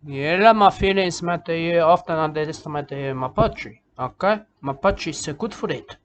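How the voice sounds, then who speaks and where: A man's voice: fairly high pitch, normal speed, close to an everyday voice. A man voicing a rambling, self-important male bush poet in a comic monologue, repeating himself and tagging lines with "okay?" and "mate".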